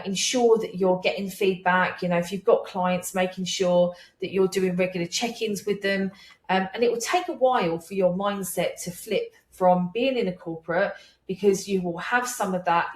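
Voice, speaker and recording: A woman, likely in her forties or fifties, hosting an unscripted solo podcast and talking candidly with frequent swearing. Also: lowish voice. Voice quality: candid, animated, swears freely. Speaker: podcast host. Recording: echoey room.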